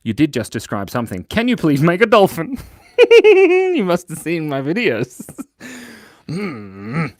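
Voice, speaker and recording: A man's voice: on the high side, sing-song, unhurried, pauses often, no room sound, studio quality. A man with an Australian accent hosting a live drawing stream for kids, playful and jokey as he reads viewer comments aloud. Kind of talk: casual livestream chat.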